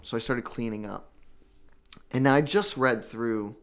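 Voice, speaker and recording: A young man telling his own recovery story in an earnest, halting way, repeating words and fighting back tears. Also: medium pitch. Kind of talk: emotional personal testimony.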